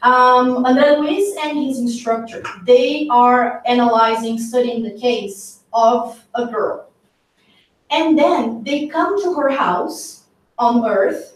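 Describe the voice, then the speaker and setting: Woman workshop speaker, high voice, slow and conversational, recorded from a distance in an echoey hall. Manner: unhurried, conversational, with fillers and self-corrections. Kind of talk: retelling a book story in a talk. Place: meeting hall.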